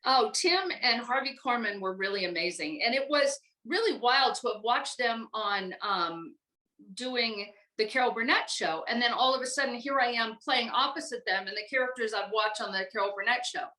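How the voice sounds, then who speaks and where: An older American woman recalling her acting career in a relaxed, rambling chat full of fillers. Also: a little high, normal speed, reverberant, low-quality recording. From United States. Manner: chatty, rambling with many fillers. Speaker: guest voice actress. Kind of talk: casual interview chat.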